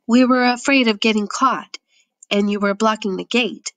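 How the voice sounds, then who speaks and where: Woman voicing a wary runaway boy, halting. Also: fairly high pitch, steady tone, fairly bright tone, dry recording, voice pushed up. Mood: nervous, guarded. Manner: hesitant, halting.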